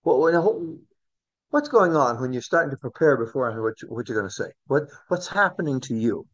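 A man's voice: medium pitch, big pitch swings, fairly quick, fairly bright tone. A man teaching a Bible study class in a conversational way, often repeating words and asking the group questions. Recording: dull lo-fi recording.

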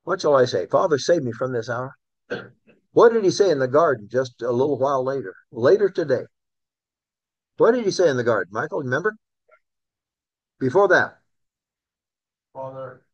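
A man's voice: mid-range voice, animated, normal speed, pauses often, no echo, lo-fi sound. A man preaching a sermon in a conversational way, calling on listeners by name. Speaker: pastor.

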